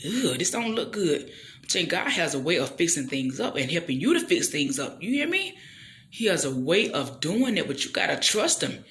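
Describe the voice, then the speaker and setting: A woman tells a story in a casual, chatty way, with a faith message woven through it. Her voice is bright and clear, and she swings up high when she acts out the people in the story. She keeps checking in with her listener as she talks. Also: a little hiss or hum. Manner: animated, acts out the people in her story with big jumps in pitch.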